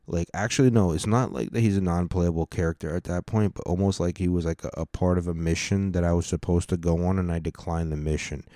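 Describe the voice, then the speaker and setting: A man with a low, mellow voice hosts a podcast in a casual monologue. He rambles through laid-back, profane stories. The sound is dry and close. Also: fairly even intonation, fast, hardly any pauses, no room sound. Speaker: podcast host and stand-up comic.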